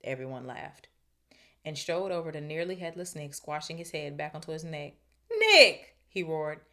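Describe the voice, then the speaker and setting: A woman with a low voice reads a novel aloud for her podcast. She breaks off into chatty, slangy commentary, then goes back to the page. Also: steady tone, normal speed. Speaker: podcast host reading aloud. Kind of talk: book reading with casual commentary.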